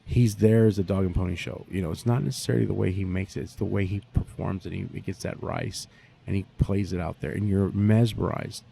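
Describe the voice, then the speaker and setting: A man, a barbecue pitmaster telling stories in a profane, animated way during a casual interview. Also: deep voice, a little fast, creaky, noisy background.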